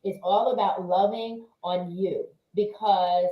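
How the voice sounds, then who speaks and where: A woman's voice: mid-range voice, steady tone, slow pace, reverberant, lo-fi sound. A woman hosting a casual group chat, affectionate and playful, speaking with faith. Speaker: host and life coach.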